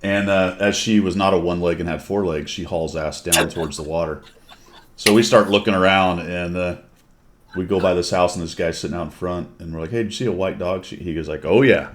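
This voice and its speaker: A man's voice: sits low, fairly even intonation, fairly quick, a little hiss or hum. An American man hosting a casual chat show, telling rambling stories full of tangents. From United States. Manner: rambling, tangent-prone storytelling. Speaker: podcast host.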